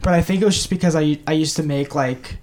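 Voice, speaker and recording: A man's voice: a little high, quick pace, darkish tone. A young man from the Boston area in casual chat, dropping dry, wry comments. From Boston area, United States.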